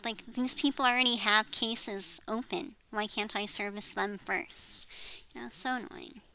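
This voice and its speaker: A woman's voice: mid-range voice, fairly even intonation, a little slow, gravelly, sharp tone, poor audio. A woman in her thirties rambling in a personal vlog, frustrated, trailing off and swearing as she vents. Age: 30s. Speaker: vlogger. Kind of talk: rambling personal venting monologue.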